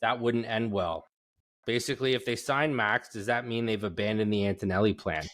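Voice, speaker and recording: A man from Canada co-hosting a podcast, reading out listener mail in casual chat with quick, wry asides. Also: fairly low pitch, a bit bright. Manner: quick, wry interjections, swears. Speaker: podcast co-host and editor.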